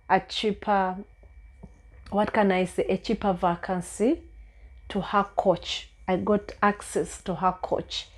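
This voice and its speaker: A woman's voice: mid-range voice, a little mellow. A young woman with a Ugandan English accent, earnestly telling a personal story in a vlog, with many fillers and repeated words. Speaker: vlogger.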